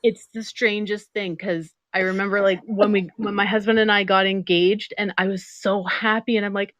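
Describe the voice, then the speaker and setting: A middle-aged woman guest telling stories in a casual interview, animated and laughing often. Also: medium pitch, moderate pace, few pauses, no room sound, dull audio. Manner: animated storytelling, laughs a lot.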